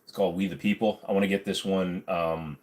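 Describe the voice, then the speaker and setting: On bed rest at home, a livestream host reads out viewers' comments with crude jokes and a relaxed attitude. He speaks briskly in a low, steady, slightly mellow voice.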